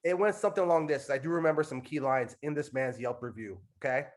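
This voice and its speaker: A man's voice: medium pitch, fast. A man hosting a casual interview, retelling his guest's story in a playful, slangy way and addressing the others directly. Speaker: host. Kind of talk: casual chat.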